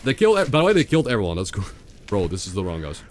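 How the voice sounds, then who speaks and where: A man's voice: on the low side, wildly swooping pitch, very fast, a little hiss or hum. A young man streaming a video game, rambling and sarcastic, often repeating himself. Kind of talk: casual gameplay commentary.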